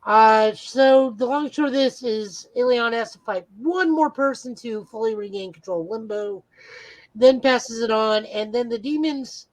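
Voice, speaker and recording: A man's voice: very high voice, normal speed, poor audio. A man co-hosting a casual podcast, talking at length in an enthusiastic, rambling way. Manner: rambling, enthusiastic fan talk. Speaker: podcast co-host.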